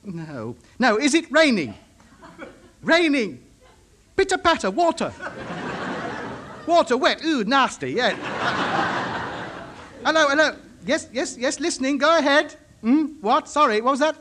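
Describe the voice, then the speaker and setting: A pompous, lonely middle-aged radio ham, talking in a high, bouncy, sing-song voice. He mutters and chatters away in a vintage radio comedy. The old broadcast recording has a steady hiss behind it. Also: unhurried, pauses often, full character voice. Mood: chatty. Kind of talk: 1950s radio comedy acting.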